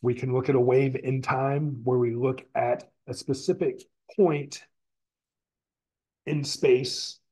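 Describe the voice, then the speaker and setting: Husky-voiced man giving a lecture. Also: mid-range voice, fairly even intonation, slow pace, mellow, poor audio. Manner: explanatory, repeats and rephrases terms. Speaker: physics lecturer. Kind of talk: recorded classroom lecture.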